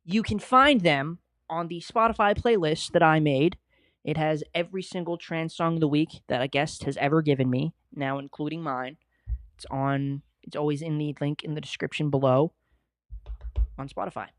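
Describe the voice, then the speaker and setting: A young man hosting his own podcast, talking in a casual, excitable and profane way and gushing about favorite songs. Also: fairly high pitch, moderate pace, dry recording, studio quality. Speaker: podcast host. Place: home studio at a desk.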